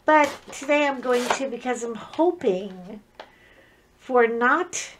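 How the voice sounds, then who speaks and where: Slow-talking chatty woman unboxing crafts. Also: on the high side, lively intonation, background noise. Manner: chatty, joking, digressive with frequent restarts. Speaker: craft vlogger. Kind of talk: casual unboxing chat.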